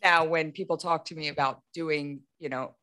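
A woman's voice: low voice, fairly even intonation, moderate pace, pushed and bright. A woman in her thirties hosting a podcast, telling a story animatedly with lots of restarts and "like". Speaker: podcast host. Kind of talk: casual storytelling conversation.

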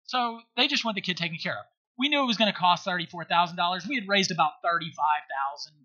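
A man's voice: high voice, fast talker, bright, forceful tone, highs cut off. A middle-aged man telling a personal story in casual conversation, earnest and emphatic, often checking in with his listener. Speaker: guest.

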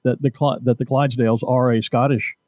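An American male host leads the conversation with calm, explanatory questions. His voice is mellow and warm, and the sound is dry and close. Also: mid-range voice, a little fast, no echo. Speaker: interviewer host. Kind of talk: conversational interview.

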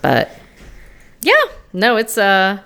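Woman co-host, very lively intonation, hesitant and chatty on a call. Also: medium pitch, takes it slowly, vocal fry, clean tone. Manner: animated, hesitant with many fillers and restarts. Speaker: podcast co-host. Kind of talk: casual chat. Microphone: remote call.

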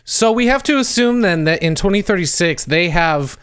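A man's voice: high voice, lively intonation, normal speed, fairly bright tone, smooth. A man co-hosting a casual podcast chat, skeptical and jokey. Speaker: podcast co-host.

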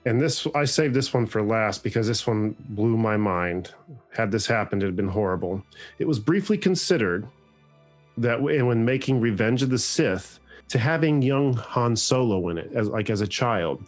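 A man hosting a casual podcast chat, animated and jokey, swearing freely. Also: lowish voice, moderate pace, soft background music. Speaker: podcast host.

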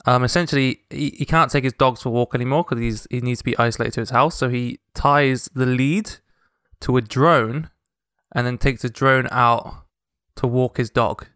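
A man's voice: medium pitch, fairly even intonation, normal speed, fairly bright tone, smooth, no room sound, studio quality. A man co-hosting a casual podcast, presenting a light news story. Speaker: podcast co-host.

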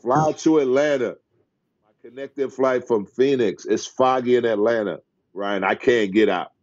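A middle-aged man telling stories as a podcast guest, acting out quotes excitedly. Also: moderate pace, no echo, muffled recording. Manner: excited storyteller who acts out quotes in a high voice. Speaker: guest, former basketball player. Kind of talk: animated storytelling in a podcast interview.

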